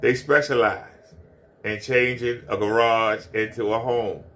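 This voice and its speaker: Guy ranting on his stream, mocking, keeps repeating himself, aave, mid-pitched voice. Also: fairly even intonation, a little slow, fairly bright tone, slight background noise. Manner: repetitive, mocking. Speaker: commentary streamer. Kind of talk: ranting commentary.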